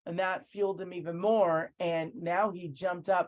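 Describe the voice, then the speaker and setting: A woman with a somewhat low voice tells her story in an interview. She speaks earnestly and acts out what other people said. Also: fairly even intonation, moderate pace, hardly any pauses. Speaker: basketball coach, interview guest. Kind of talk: recounting events in an interview.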